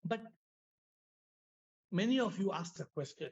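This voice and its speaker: High-voiced Indian English spiritual teacher. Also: male voice, expressive, measured pace, vocal fry, darkish tone, slightly rough, highs cut off. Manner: storytelling, repetitive, asks the audience questions. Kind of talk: spiritual talk to an online audience. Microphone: video call.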